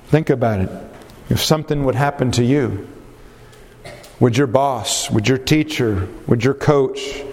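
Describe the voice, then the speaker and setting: A man preaching a sermon, telling a story dramatically, with sudden swings in pitch and pace. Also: a little slow, darkish tone, long reverb tail. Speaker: pastor.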